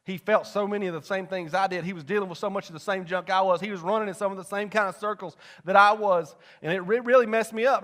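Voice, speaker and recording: A young man, preaching a folksy personal testimony that swings from loud to hushed. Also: high voice. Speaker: pastor. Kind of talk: sermon testimony.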